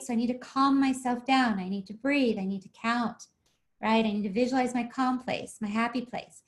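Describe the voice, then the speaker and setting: A woman with a high voice walks her listeners through a parenting method step by step. She keeps checking in with "okay?" and "right?", and briefly takes on the voices of parent and child. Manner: acts out parent and child with quick shifts in voice. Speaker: parenting coach. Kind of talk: explanatory talk on parenting.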